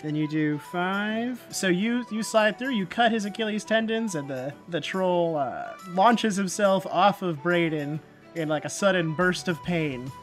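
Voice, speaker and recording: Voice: mid-range voice, unhurried, faint music behind. A game master narrating a tabletop game casually, laughing often and using filler words.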